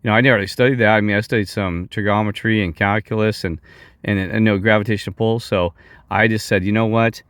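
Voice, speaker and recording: Rambling low-voiced middle-aged man. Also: fairly even intonation, fast, a bit bright, no room sound, studio quality. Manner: heated, digressive, many restarts. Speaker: vlogger. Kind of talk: rambling off-the-cuff monologue.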